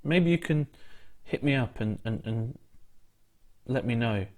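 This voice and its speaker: A man's voice: medium pitch, measured pace. A man giving a recorded English lesson to a class, explaining vocabulary in a chatty way with asides and questions to his students. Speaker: English teacher. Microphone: solo recording for a class video.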